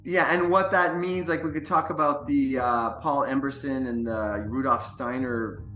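A man's voice: mid-range voice, steady tone, normal speed, bright, forceful tone, soft background music. A man co-hosting a reflective spiritual chat, speaking earnestly and searching for his words. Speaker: co-host. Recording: roomy echo.

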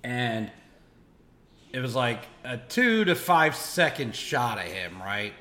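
A man's voice: mid-range voice, very animated, slow, pushed and bright. A man hosting a podcast, telling rambling stories in a playful, teasing way. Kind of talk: casual chat. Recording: roomy echo.

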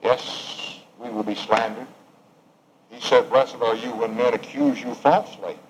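A man preaching a sermon, swinging from raised emphatic lines to hushed, quiet ones. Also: mid-range voice, fairly even intonation, unhurried, slight background noise, rough recording.

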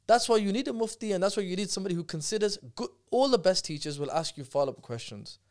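A man, a podcast guest talking fast and animatedly, breaking off and restarting his sentences as he tells stories. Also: sits high, animated, a little mellow. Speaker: guest speaker. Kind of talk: casual podcast conversation.

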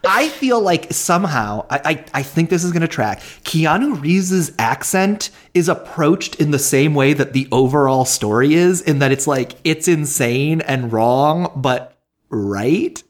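A podcast co-host talks through a film in a loose, animated way, with a mid-pitched voice. Sentences stop and restart often, broken up by frequent laughter. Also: a little slow. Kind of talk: casual film discussion.

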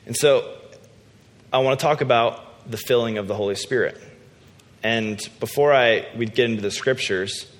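A man preaching a sermon in a relaxed, conversational, self-deprecating storytelling way. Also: lowish voice. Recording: long hall reverb.

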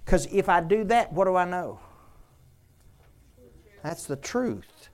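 A man's voice: high-pitched, animated, slow. An older man preaching a sermon as pastor, conversational and joking, firing off rhetorical questions.

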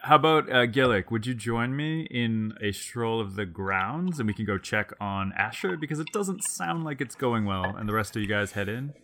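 A man's voice: mid-range voice, animated, moderate pace, hardly any pauses, a bit bright. A man playing a tabletop game, hesitant and stammering as he proposes plans. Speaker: player. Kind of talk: casual tabletop play.

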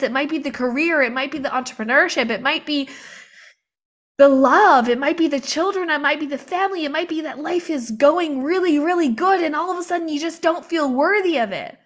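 A young woman with a slightly high voice gives a live motivational training over a video call. She talks with passion and intimacy and laughs easily between points. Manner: impassioned, confiding, laughs often. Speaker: motivational coach. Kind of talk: live online training talk.

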